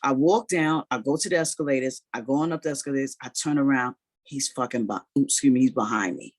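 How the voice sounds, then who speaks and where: A man retelling a personal story in casual talk, animated and full of "you know" and "like". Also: medium pitch, quick pace.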